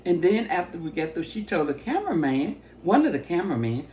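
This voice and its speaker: A woman giving a personal testimony as a story, talking with excitement and breaking into laughter often. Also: lowish voice, brisk, slight background noise.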